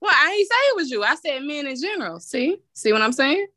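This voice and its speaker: Brash, laughing woman with bright voice. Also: sits high, big pitch swings, fast, no echo, clean studio sound. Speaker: podcast guest. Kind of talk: casual podcast chat.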